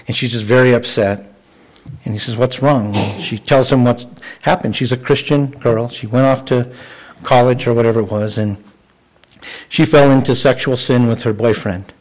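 A man's voice: mid-range voice, poor audio. A man preaching a sermon in an earnest, conversational way, often restarting his sentences. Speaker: pastor.

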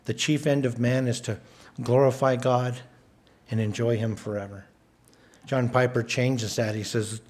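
A man preaching a sermon, stressing points by repeating words, with a measured, emphatic delivery. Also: medium pitch, a little mellow. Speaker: pastor.

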